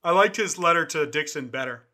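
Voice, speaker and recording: A young man with a somewhat high, bright voice argues his side in a relaxed movie discussion. He often trails off softly as a thought runs out. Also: a little fast. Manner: argumentative, trails off quietly. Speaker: podcast co-host. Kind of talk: casual film discussion.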